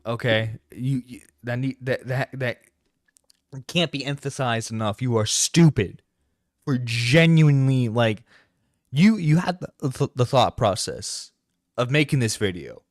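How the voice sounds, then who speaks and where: A man's voice: medium pitch, unhurried, no echo, studio quality. A man streaming a reaction to a video, swearing and exasperated, stumbling over his words. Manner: profane, exasperated, stammering. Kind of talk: reaction commentary. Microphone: close streaming mic.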